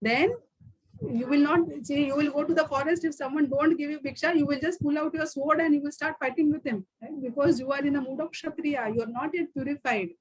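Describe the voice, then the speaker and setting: A woman's voice: high-pitched, fairly even intonation, brisk, low-quality recording. A woman with an Indian accent teaching a scripture course, mixing in stories, with frequent fillers. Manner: code-switches between English and Hindi, storytelling, many fillers. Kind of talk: online course lecture.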